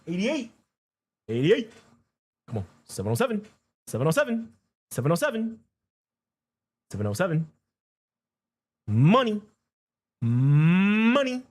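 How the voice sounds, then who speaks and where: Excitable man muttering over trades. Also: on the high side, husky. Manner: talks to himself, repeats phrases, swings from mutters to excited chanting. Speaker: options trader streaming his trades. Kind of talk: casual live trading commentary.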